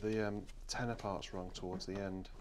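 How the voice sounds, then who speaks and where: A man's voice: deep voice, little pitch movement, normal speed, background noise. A man, an organist hosting a livestream from his home organ room, chatting casually, rambling and often interrupting himself mid-sentence. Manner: rambling, self-interrupting, distracted. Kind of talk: casual chat.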